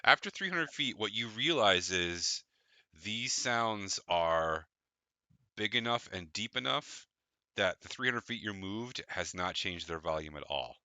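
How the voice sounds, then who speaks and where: A man's voice: lowish voice, expressive, measured pace, sharp tone, clean tone, no echo. A man running a tabletop game as game master, narrating loosely with fillers.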